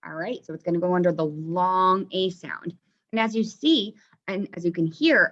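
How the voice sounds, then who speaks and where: Slow, bright woman teaching phonics. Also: fairly low pitch, muffled recording. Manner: slow, drawn-out sounding out of vowels. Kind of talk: phonics lesson.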